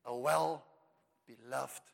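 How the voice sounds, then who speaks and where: A South African man preaching a sermon with emphasis, repeating words for effect and building to loud declarations. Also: mid-range voice, fairly even intonation, extremely slow, gravelly. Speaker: pastor. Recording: long reverb of a large hall.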